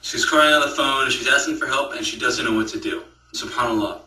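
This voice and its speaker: A man giving a moral story as a religious speaker, halting and repeating words and checking in with "right?". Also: mid-range voice, pushed and bright. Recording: echoey room, speaker far from the mic.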